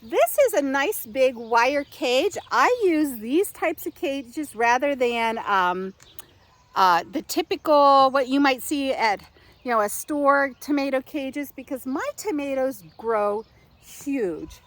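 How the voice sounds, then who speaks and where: A woman's voice: high-pitched, animated, slow, rough recording. Chatty older woman in her garden. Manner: rambling, chatty, many fillers and restarts. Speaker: home gardener. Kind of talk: casual how-to chat. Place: outdoor home garden. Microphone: camera set up and angled by herself.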